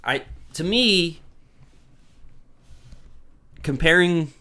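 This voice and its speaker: Bright-voiced upbeat man in sports chat. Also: on the high side, lively intonation, very slow, clear, resonant tone. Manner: upbeat, encouraging, breaks into hype shouts. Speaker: podcast co-host.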